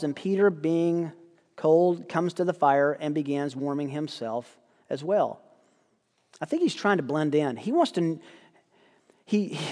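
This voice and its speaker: A guest preacher giving a sermon, telling the story in a lively way and acting out quoted lines. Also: male voice, high-pitched, long reverb tail.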